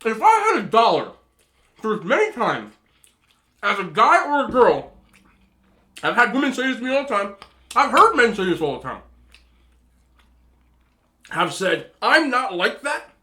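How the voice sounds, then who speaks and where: A man's voice: sits high, huge pitch swings, unhurried, pauses often, bright, forceful tone. A man hosting a mukbang, giving opinionated casual rants while he eats and talks with his mouth full. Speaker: mukbang host. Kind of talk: casual ranting while eating.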